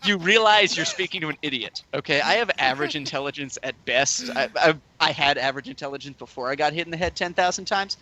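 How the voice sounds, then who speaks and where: A man in casual podcast chat, telling an animated story full of "like" and swearing, often acting out what people said. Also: fairly high pitch, fast, hardly any pauses. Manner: animated, heavy use of "like", swears freely, acts out quoted voices.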